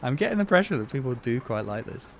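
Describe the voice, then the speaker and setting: A man's voice: medium pitch, sing-song, fast, gravelly. Chatty man streaming over truck noise. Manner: chatty, self-deprecating, reads out and answers chat. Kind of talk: casual live-stream chat while playing a truck game.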